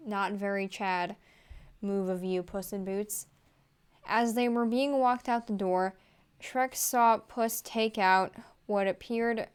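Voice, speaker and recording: Woman, comedic read-aloud, giggly, deadpan asides, smooth clear voice, mid pitch. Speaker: fan fiction reader.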